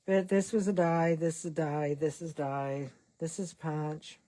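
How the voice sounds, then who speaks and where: The host of a card-making channel is an older woman whose low-pitched, dark-toned voice stays fairly even and a little slow. She chats casually and meanderingly as she works, with self-deprecating remarks along the way.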